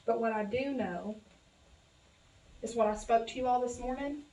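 A woman's voice: a little high, normal speed, warm tone. A woman with a Southern accent preaching a sermon, talking casually to her congregation and building to fervent exhortation. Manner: conversational, addresses congregation as y'all. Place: church sanctuary. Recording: echoey church hall from a distance with music.

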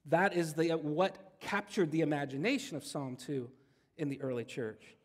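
A man gives a sermon from the pulpit in an easy, conversational manner. His voice sits a touch higher than most men's. The church hall around him adds a long, lingering reverb. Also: normal speed, husky. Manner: conversational, jokes with the congregation. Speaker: pastor.

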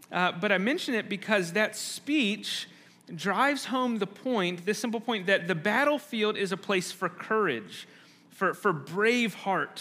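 A man's voice: high-pitched, bright, forceful tone. A man preaching a conversational sermon, often restarting phrases, and acting out quoted lines with rising intensity. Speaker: pastor.

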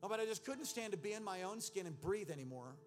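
A man preaches his own testimony before a church crowd. His voice sits high and his delivery is earnest and emotional. Soft music plays faintly behind him. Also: expressive, quick pace. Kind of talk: sermon testimony.

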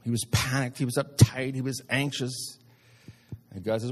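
A man's voice: mid-range voice, steady tone, normal speed. A male pastor preaching a sermon in an emphatic, rousing way, calling out to his listeners again and again. His voice sits in a middle range and carries a long hall reverb. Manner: emphatic preaching with repeated appeals to the congregation.

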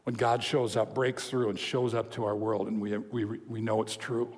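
A man's voice: fairly low pitch, normal speed, slightly rough. Man preaching in an echoing church. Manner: storytelling, lively quoted voices, chuckling. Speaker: pastor. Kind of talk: sermon. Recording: long hall reverb.

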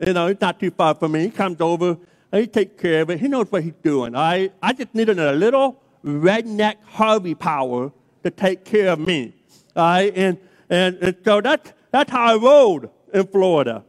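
High-voiced pastor guy preaching, chatty and folksy, keeps asking "all right?", lots of hall reverb. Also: expressive, normal speed. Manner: chatty storytelling, checks in with "okay?" and "all right?"; rises to emphatic preaching. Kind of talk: sermon. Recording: long reverb of a large hall.

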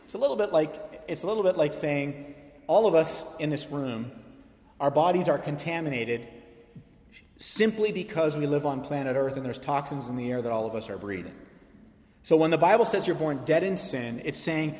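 A man's voice: fairly high pitch, expressive, moderate pace, darkish tone. A man preaching a sermon as pastor, conversational and emphatic, with rhetorical questions to the congregation. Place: church sanctuary. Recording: echoey hall reverb.

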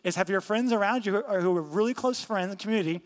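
A man's voice: high voice, very fast, big-room sound. A man preaching a sermon as pastor, teaching emphatically, repeating key points and asking rhetorical questions.

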